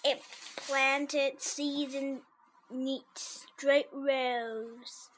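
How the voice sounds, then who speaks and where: Slow, high-voiced woman reading a story. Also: fairly even intonation, a bit bright. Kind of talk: reading a children's story aloud.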